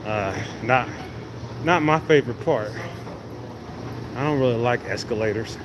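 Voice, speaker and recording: A man's voice: mid-range voice, unhurried. A man hosting a casual livestream, rambling in an easygoing way and talking to viewers as he walks through a large indoor venue on a phone mic. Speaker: livestream host. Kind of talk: casual walking livestream chat. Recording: noisy venue background.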